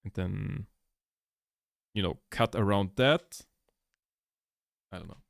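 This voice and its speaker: Casual male streamer, lowish voice, dry close sound, rambly and profane. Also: takes it slowly, creaky, dry recording. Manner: rambling, swears a lot, laughs often. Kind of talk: casual chat while editing. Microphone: laptop microphone.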